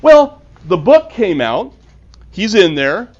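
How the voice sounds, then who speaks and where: Guy telling a heartfelt story to a club crowd, high voice, acts out the quotes, kinda muffled recording. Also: very animated, takes it slowly, a little mellow. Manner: earnest, acts out quoted dialogue. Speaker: author giving a presentation to a club. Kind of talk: storytelling talk. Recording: dull lo-fi recording.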